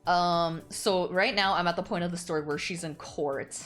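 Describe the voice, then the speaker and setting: A woman streamer chatting casually, animated and giggly, who swears freely as she retells a story. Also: lowish voice, moderate pace, soft background music. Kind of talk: casual chat.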